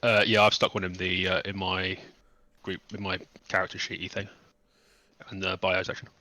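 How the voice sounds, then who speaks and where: Bright-voiced joking male player. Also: sits low, level tone, moderate pace, no room sound. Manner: dry, joking banter. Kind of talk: casual chat during a tabletop game.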